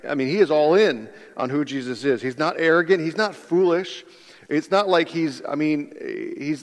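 A male pastor giving a conversational sermon, often restarting his sentences and acting out quotes. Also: medium pitch. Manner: conversational, animated preaching with frequent restarts and acted-out quotes. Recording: long hall reverb.

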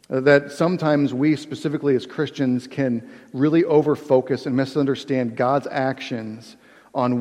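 A male pastor gives a casual, conversational sermon and keeps asking the congregation "right?". His voice sits at an ordinary middle pitch. A long reverb trails off each phrase, as in a church hall. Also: darkish tone. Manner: conversational, asks the audience "right?" often.

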